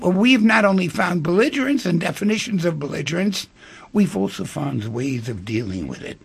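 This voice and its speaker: A call-in radio host speaks at normal speed in a heavily gravelly, rough, breathy voice with a sing-song quality. His pitch swings widely as he tells stories and acts out dialogue. The sound is close and dry, with no echo.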